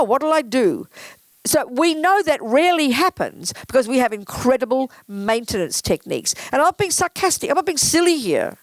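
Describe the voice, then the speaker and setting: A woman's voice: a little high, dry recording. A woman giving a frank, emphatic Buddhist teaching in a casual, conversational way. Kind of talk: casual dharma talk.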